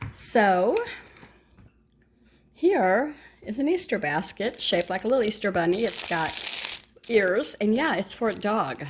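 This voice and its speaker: An older woman and grandmother chatting casually to camera about her shopping haul, rambling with asides and self-corrections. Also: mid-range voice. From United States. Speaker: vlogger showing a shopping haul.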